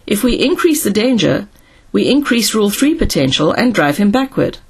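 A woman voicing a clever, anxious young male space engineer, earnest and explaining, with a breathy voice. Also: medium pitch, sing-song, moderate pace, heavily acted.

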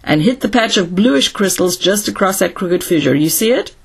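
A woman voicing a brusque, decisive male space engineer who speaks curtly and gives orders, with a breathy voice. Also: mid-range voice, animated, moderate pace, exaggerated voice.

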